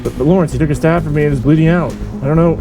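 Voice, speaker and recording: A man's voice: on the high side, very fast, music in the background, pitched above the performer's own voice, close to an everyday voice. A man voicing a frightened young male coworker who stammers in panic. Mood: panicked. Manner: stammering, agitated.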